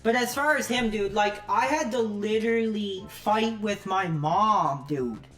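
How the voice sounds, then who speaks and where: A man ranting angrily on a livestream, profane and shouting at times. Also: high-pitched, measured pace, soft background music. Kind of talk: angry livestream rant.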